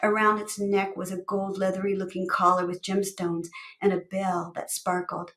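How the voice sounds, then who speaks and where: A woman author reads her own novel aloud in expressive storytelling style. Her pitch sits in a plain middle range. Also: moderate pace. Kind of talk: audiobook-style narration.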